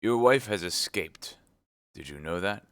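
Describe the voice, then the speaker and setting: Shrewd commanding cardinal, low voice, measured interrogation, read by a man. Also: expressive, a bit bright, dry recording, clean studio sound, heavily acted. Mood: probing. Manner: measured, probing questions. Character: cold, shrewd older male cardinal, commanding.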